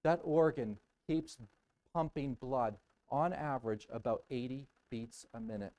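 A man preaching a sermon as pastor in a church, dramatic and emphatic, repeating words for weight and swinging from hushed murmurs to loud outbursts. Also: medium pitch, a little slow, rough recording. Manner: emphatic repetition. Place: church sanctuary.

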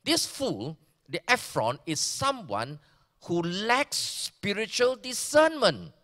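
A Malaysian male pastor preaches in a bright, high, very lively voice, taking his time over each phrase. He moves from loud emphasis to hushed, almost whispered asides. The sound carries the long reverb of a church hall. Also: slow. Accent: Malaysian English. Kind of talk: sermon.

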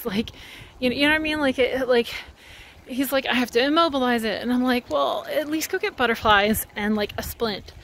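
A woman's voice: fairly high pitch, brisk, a bit bright, a little hiss or hum. Chatty young woman vlogging outdoors. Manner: chatty, rambling, heated, lots of "like". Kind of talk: casual vlog chat while walking. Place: outdoors, walking.

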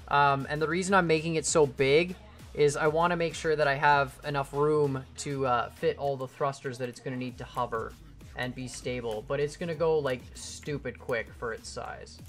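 A man's voice: on the high side, a bit bright. A man livestreaming a building game, chatting casually and answering chat questions in a rambling, self-deprecating way. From Canada. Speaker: gaming livestreamer.

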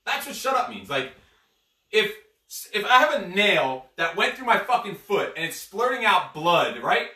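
A man co-hosting a motivational show, ranting bluntly with heavy swearing and sudden shouted bursts. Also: sits high, big pitch swings, normal speed, distant mic. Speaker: podcast co-host, coach. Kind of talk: profane motivational rant. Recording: echoey room, off-mic.

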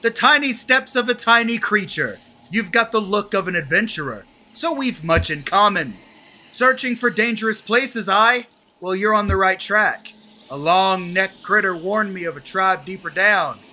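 A man's voice: sits high, normal speed, sharp tone, a little hiss or hum, rough recording. A man voicing a bold female bug warrior who speaks heartily and confidingly. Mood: hearty.

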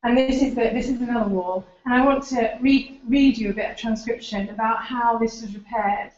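A woman with a voice on the high side and a darkish tone speaks at normal speed during an informal seminar, explaining slides and pointing to pictures. The lecture-room audio is dull and roomy.

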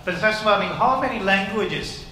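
Guy minister, slow bright voice, doing a kids talk with the congregation, big echoey church. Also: sits high, slight background noise. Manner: interactive, questioning the congregation. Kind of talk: children's talk in church service. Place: large church hall.

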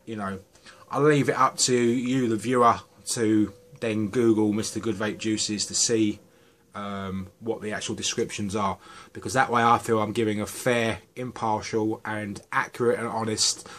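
A man's voice: fairly low pitch, fairly bright tone. A man chatting casually through a vape juice review, rambling a little and poking fun at himself. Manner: chatty and self-deprecating, with rambling asides.

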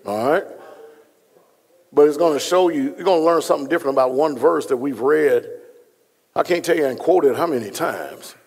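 Gravelly-voiced pastor in an echoing hall. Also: male voice, a little high. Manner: folksy, joking, talks straight to the room. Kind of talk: sermon with casual asides to congregation. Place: large hall before a live congregation. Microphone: stage microphone being adjusted. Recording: long hall reverb, echoey.

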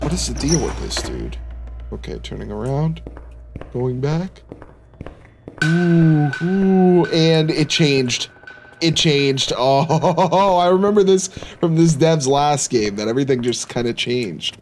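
Man, horror game commentary, jokey, animated pitch, faint background hiss. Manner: jokey, reacts aloud and laughs. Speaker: gaming YouTuber.

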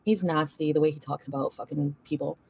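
A woman's voice: low-pitched, fairly even intonation, brisk, gravelly, a little mellow, husky. A young woman livestreaming an angry, profane, rambling rant full of fillers.

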